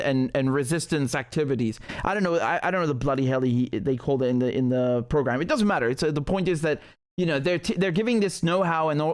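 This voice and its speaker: A man's voice: a little high, smooth. A man hosting a live political stream, talking in a heated, sarcastic way with many restarts.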